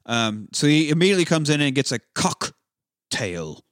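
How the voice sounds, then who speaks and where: A man's voice: a little high, animated, fast talker, smooth, no room sound, clean studio sound. A man chatting casually about a film, retelling scenes in a rambling, laid-back way, swearing freely and acting out lines. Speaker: podcast co-host. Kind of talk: casual movie recap chat.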